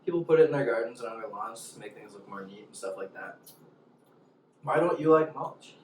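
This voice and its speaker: Low-voiced man chatting in an echoey room. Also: quick pace, a little hiss or hum. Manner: relaxed, laughing easily. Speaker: boyfriend co-hosting a hot wing interview. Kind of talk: casual chat. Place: home room. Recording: echoey room, mic far off.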